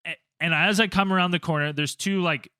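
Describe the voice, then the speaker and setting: A man on a podcast telling a story in casual chat, animated and profane, acting out quotes loudly. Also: sits high, a little fast, smooth, dry recording. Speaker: podcast co-host.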